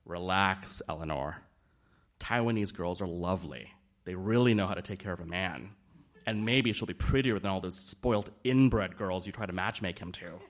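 A man's voice: low voice, moderate pace. A man voicing a portly, cigar-puffing tycoon who talks in a smug, jovial way.

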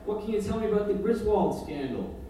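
A man's voice: high voice, animated, brisk, warm tone, voice pushed up. A man doing a know-it-all woman historian. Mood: quizzing. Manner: quizzing, correcting. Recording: echoey hall, distant mic, audience noise.

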